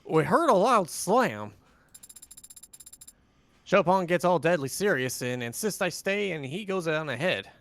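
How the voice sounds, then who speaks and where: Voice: mid-range voice, big pitch swings, measured pace, pauses often, fairly bright tone, pitched above the performer's own voice. A player reading out a police officer's witness testimony in a put-on voice while playing a game together. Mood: recounting.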